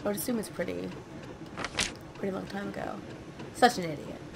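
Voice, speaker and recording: A woman's voice: medium pitch, expressive, a little fast, creaky, background noise. A woman hosting a let's play, chatting and reading game notes aloud in a self-mocking way. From United States. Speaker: gaming channel host.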